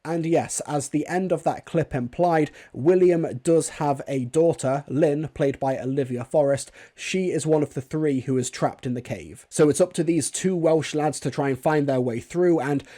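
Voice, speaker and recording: A man's voice: a little high, moderate pace, hardly any pauses, dark tone. A man with a cold giving a chatty, enthusiastic online review of an audio drama. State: has a cold.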